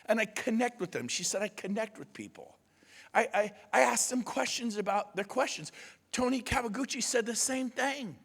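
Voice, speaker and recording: Male conference speaker, shouting and emphatic, bright tense tone, lively swings. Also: extremely high pitch, moderate pace, vocal fry, husky, big-room sound. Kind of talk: motivational speech. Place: large conference room.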